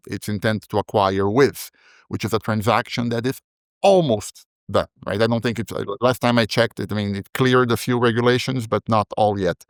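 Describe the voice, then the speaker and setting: Smooth-voiced man thinking aloud on a podcast. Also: medium pitch, no room sound. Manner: thinks aloud, with restarts and tag questions. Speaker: podcast panelist, cloud security analyst. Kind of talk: conversational podcast discussion.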